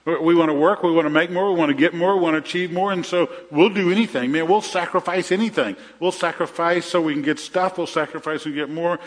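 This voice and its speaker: Pastor preaching in a reverberant hall. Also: male voice, fairly high pitch, fairly even intonation, fast talker, hardly any pauses. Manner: conversational, repeats phrases, tells jokes. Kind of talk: sermon.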